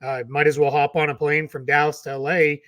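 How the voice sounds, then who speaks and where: A man's voice: fairly high pitch, level tone, fairly quick, a bit bright. A man with a slightly raised voice chats loosely about basketball, often restarting his sentences and stumbling over repeated words. The sound is dry and close, with no room echo. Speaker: podcast co-host. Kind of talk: casual sports talk.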